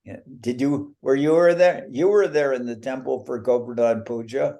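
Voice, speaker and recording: A man's voice: mid-range voice, gravelly, dark tone. A man, a spiritual teacher, chatting and joking with devotees over a video call, teasing them and drawing out his punchlines. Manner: playful teasing, drawn-out punchlines. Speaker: spiritual teacher giving a talk.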